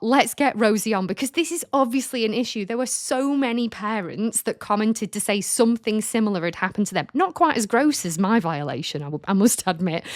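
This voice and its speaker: A woman's voice: medium pitch, no room sound, studio quality. A woman in her thirties hosting a podcast, frank, sweary and jokey as she reads out comments in casual chat. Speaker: podcast host.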